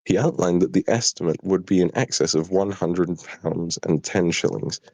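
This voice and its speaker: Tired, low-voiced British man reading a story. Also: moderate pace, darkish tone, no echo. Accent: southern English. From Britain. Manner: apologetic, chatty asides. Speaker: streamer reading his own story. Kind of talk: live story reading and chat.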